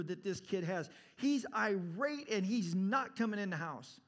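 A male preacher delivers a sermon with an animated, storytelling drive. His voice sits high, and he swings from loud emphasis to hushed passages. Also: measured pace.

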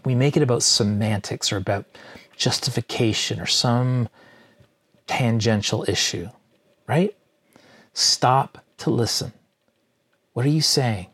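A man's voice: mid-range voice, unhurried, long pauses, fairly bright tone, slightly rough, no echo, low-quality recording. A man preaching a sermon in a conversational way, often asking the listeners questions. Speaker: pastor.

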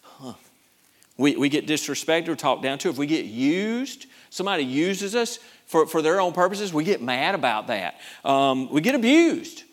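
A man preaching a sermon, repeating himself and swinging between loud bursts and quiet asides. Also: fairly high pitch, very animated, normal speed, few pauses.

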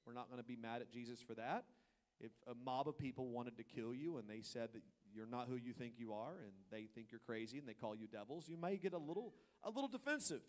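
A pastor delivers a sermon in a mid-range voice, talking fast. He swings between quiet asides and loud, emphatic passages, playfully voicing what people might be thinking.

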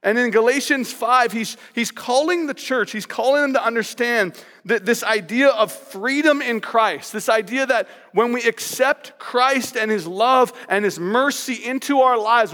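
A male pastor preaching a sermon in a lively, conversational way, hammering points home with playful repetition. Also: extremely high pitch, measured pace, hardly any pauses, long reverb tail.

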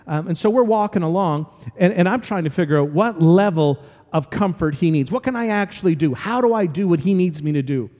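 Sitting high and expressive, his slightly dark voice moves a little fast as he preaches. The pastor tells stories with sincerity and drives each point home by repeating it, his sermon echoing with the long reverb of a big hall.

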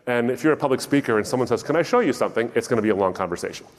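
A man with a medium-pitched voice gives a talk that sounds like a sermon, animated and wryly humorous as he acts out both sides of a conversation. His voice carries the long reverb of a large hall. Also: rapid-fire. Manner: animated storytelling, wry humor. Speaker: speaker.

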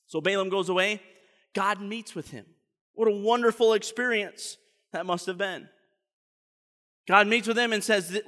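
A high, bright male pastor tells a story in an animated way during his sermon. He often stumbles into repeated words. His voice rings with a long reverb in the church sanctuary. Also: moderate pace, long pauses.

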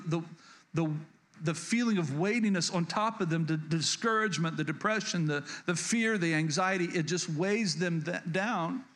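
Pastor, male, higher register; earnest preacher who repeats key points and restarts sentences. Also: a bit bright. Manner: frequent stutters and restarts. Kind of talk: sermon.

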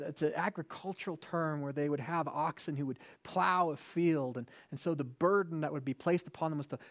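A male pastor giving a sermon in a conversational way, with rhetorical questions and emphatic repetition. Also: on the high side.

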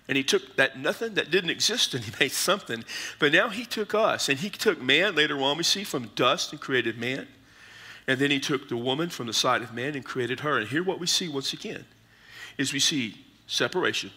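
Husky, bright-voiced male pastor preaching. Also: mid-range voice. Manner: explanatory teaching, pausing between short phrases. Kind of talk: sermon.

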